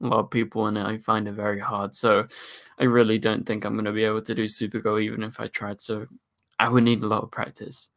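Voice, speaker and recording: Deep-voiced British man hosting a stream. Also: little pitch movement, quick pace, vocal fry, fairly bright tone. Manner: chatty, thanks viewers and answers chat questions. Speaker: live stream host. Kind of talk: casual live stream chat. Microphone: studio microphone.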